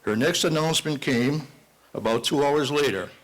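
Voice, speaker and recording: A man's voice: on the high side, moderate pace, a little hiss or hum, low-quality recording. Folksy older man giving a speech. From Massachusetts. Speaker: parade marshal giving acceptance speech. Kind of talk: ceremonial speech with a told joke. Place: banquet hall at a ball.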